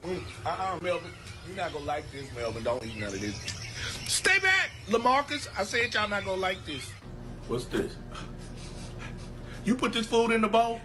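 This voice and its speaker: A man's voice: high-pitched, wildly swooping pitch, normal speed, pauses often, over music. A man voicing a sassy, grumbling male pet dog in an internet video, full of indignant street-talking banter. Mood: fussy, complaining. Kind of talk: internet animal voice-over video.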